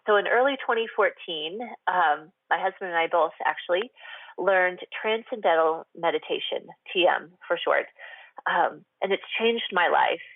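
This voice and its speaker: A woman's voice: lowish voice, no echo. Chatty woman host on a tinny line. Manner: chatty and confessional, heavy with "like" and "um". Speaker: radio show host. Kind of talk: candid solo talk on a radio show. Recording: tinny phone-line sound, dry.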